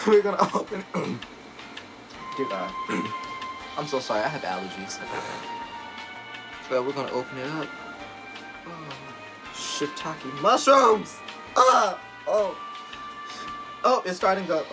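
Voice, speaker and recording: Excitable man gushing over a new laptop. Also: a little high, poor audio. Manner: excitable, gushing, chatty with exclamations. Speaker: tech unboxing vlogger. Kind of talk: casual unboxing chat. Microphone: phone camera. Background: background music.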